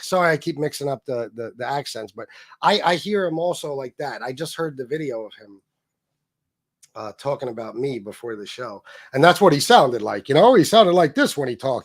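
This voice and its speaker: On his laid-back livestream, the Sicilian-heritage host talks a little fast in a mid-range voice with lively intonation. Profane and blunt, he reads out messages from viewers and donors.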